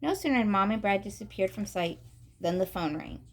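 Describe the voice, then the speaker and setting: Woman reader, expressive children's book narration. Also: medium pitch, a little fast. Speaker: storybook reader. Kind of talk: reading a children's book aloud.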